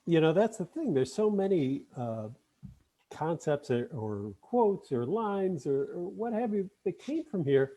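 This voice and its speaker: A man guesting on a casual chat, speaking haltingly with many pauses and fillers. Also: on the high side, sing-song, dark tone. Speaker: podcast guest.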